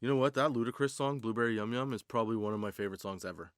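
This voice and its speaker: A man's voice: medium pitch, racing, a little hiss or hum. A man hosting a comedy podcast, rambling through a casual, profane stoner monologue. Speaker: podcast host. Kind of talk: comedic stand-up style monologue.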